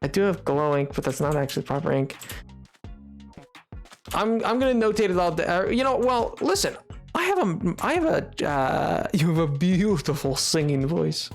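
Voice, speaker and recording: Excitable male streamer, high voice. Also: moderate pace, vocal fry, faint music behind. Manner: excitable, laughs often, bursts into exclamations. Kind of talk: casual gaming livestream chat. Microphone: desk microphone.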